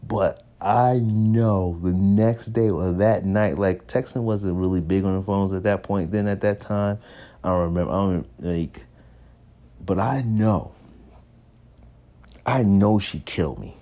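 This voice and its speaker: Deep, mellow-voiced man telling a story. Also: a little slow. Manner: animated, acts out others' lines in shifting voices; laughs between lines. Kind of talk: casual anecdote telling.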